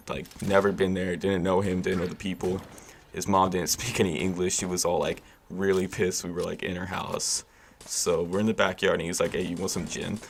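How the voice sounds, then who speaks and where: A man's voice: low voice, vocal fry, slight background noise. A young man telling a story in a laid-back, rambling, slangy way. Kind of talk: casual story time.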